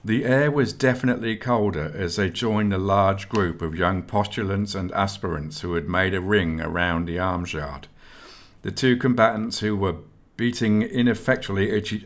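A man narrating a fantasy audiobook in a steady, measured reading voice. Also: lowish voice.

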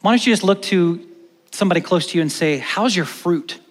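A man preaching a sermon as pastor, animated, moving between loud stresses and hushed emphatic lines, in a church hall. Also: high-pitched, fast. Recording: long church-hall reverb.

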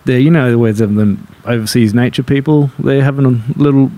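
A man's voice: medium pitch, brisk, warm tone. A man with an Australian accent, chatting casually and telling a story in a laid-back, swearing manner. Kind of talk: casual chat.

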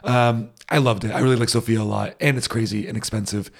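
A man's voice: lowish voice, fast, vocal fry. A man telling a travel story in casual chat, with many fillers and restarts. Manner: rambling, animated anecdotes with many fillers and restarts.

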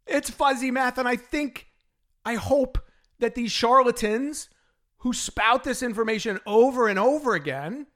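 A middle-aged man hosting a solo fitness podcast, talking in an animated, exasperated rant with frequent laughs. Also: very high-pitched, measured pace. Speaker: podcast host and fitness trainer.

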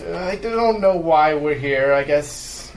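A man's voice: on the high side, animated, slow, slight background noise, rough recording. A man playing a tabletop game, introducing his character with hesitant fillers and dry jokes. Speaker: player.

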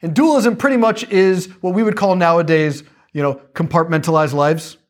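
Man, lively faith talk, slightly higher voice, casual jokes. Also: moderate pace. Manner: animated, conversational, jokey asides.

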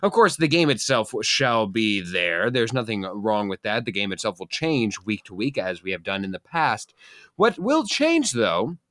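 Male podcast host, lively pitch swings, dry close sound, theatrical announcer flair. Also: moderate pace, dry recording. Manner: playful, mock-grandiose announcing. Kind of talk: casual group chat.

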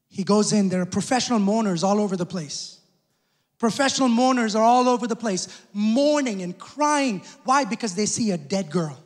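A man's voice: high voice, normal speed. A male pastor preaching a sermon, emphatic and calling out to his congregation. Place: church hall. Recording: long church hall reverb.

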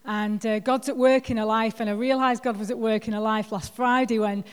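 A woman's voice: a little high, steady tone, fairly quick, clean tone. A woman, a guest speaker telling personal stories in a church sermon, chatty and self-deprecating with plenty of filler words. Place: church hall. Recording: long hall reverb.

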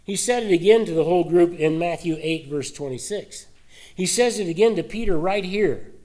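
A man's voice: high voice, animated, normal speed, darkish tone. A male pastor giving a sermon in a conversational way, asking many rhetorical questions.

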